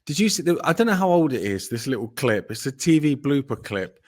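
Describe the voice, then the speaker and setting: A man chatting on a podcast in casual banter. He tells stories with jokes, swears freely and breaks into laughter. His voice sits in a middle pitch. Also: very animated, fairly quick. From Britain. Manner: jokey, swearing, laughs while telling stories. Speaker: co-host.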